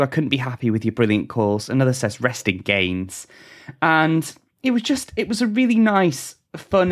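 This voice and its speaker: A man co-hosting a casual news podcast, reading stories and often breaking into giggles. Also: fairly high pitch. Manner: keeps breaking into laughter. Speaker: podcast co-host.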